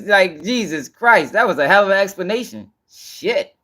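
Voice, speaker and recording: A man's voice: high voice, animated, moderate pace, sharp tone. A man hosting, reacting to a clip in blunt, profane, mocking casual talk. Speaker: host.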